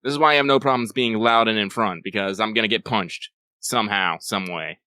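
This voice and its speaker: A man speaks as a laid-back podcast co-host, joking and swearing casually. His voice sits fairly low but sounds bright, and the recording is dry and close. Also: fairly quick, no echo. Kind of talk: casual chat.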